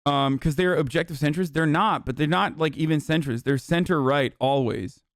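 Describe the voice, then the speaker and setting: A male streamer rants about politics in a heated, profane and rambling way. His voice sits a little high. The sound is dry and close, with no room echo. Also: normal speed. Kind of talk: livestream commentary reacting to chat.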